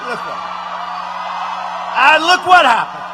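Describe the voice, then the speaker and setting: A rambling, boastful president, as a man puts him on, working a rally crowd with loops of repetition and sudden shouted lines. The voice sits very high and bright, almost strained. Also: huge pitch swings, slow pace, a little hiss or hum, full character voice. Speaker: impressionist. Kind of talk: political impression, rally speech.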